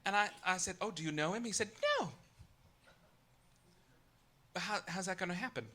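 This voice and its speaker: A man in his thirties hosting a live stand-up monologue on a club stage, campy and arch, with sudden loud outbursts. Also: high voice, moderate pace. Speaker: comedic host.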